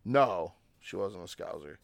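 A man's voice: sits low, lively intonation, a little slow, gravelly, dry recording, studio quality. A man co-hosting a podcast in casual chat, telling laid-back stories with plenty of swearing.

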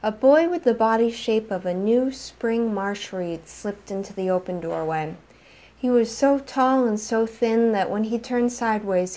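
Woman narrator, mid-pitched, dramatic reading of a storybook. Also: a little mellow.

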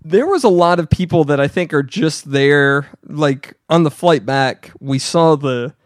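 A man's voice: measured pace, no echo. A man co-hosting a podcast who tells a story in casual chat and acts out the quotes. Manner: animated storyteller, acts out quotes with pitch jumps. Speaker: podcast co-host.

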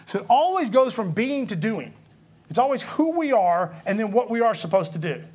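A man teaches through a Bible passage in a relaxed, explanatory way. His voice sits fairly high, and he keeps stopping to check that his listeners are following. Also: normal speed, husky. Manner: conversational, explanatory, frequent "okay?" check-ins.

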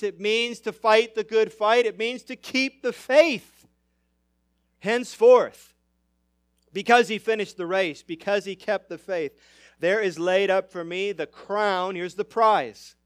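A man pastor preaching a sermon emphatically, his loudness rising and falling. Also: high voice, a little slow, dry recording, clean studio sound.

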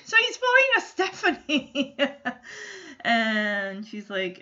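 A woman chatters through a sitcom recap in a casual, gushing way. Her voice sits high and swoops widely as she giggles and plays out each character's lines. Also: expressive, normal speed, a bit bright, highs cut off. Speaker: TV episode recapper.

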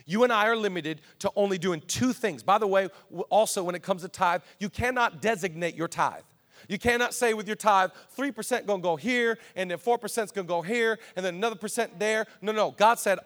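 A pastor delivers a sermon to his church in a voice set high for a man. He repeats key words for emphasis and swings between quiet, confiding asides and loud, driving declarations. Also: fast talker.

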